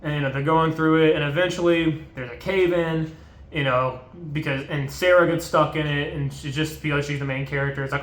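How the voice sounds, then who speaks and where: Man, casual movie recap, rambling and swearing, slightly high voice, roomy echo. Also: fairly even intonation, a little fast, a bit bright. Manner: rambling, profane, full of fillers. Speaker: video host.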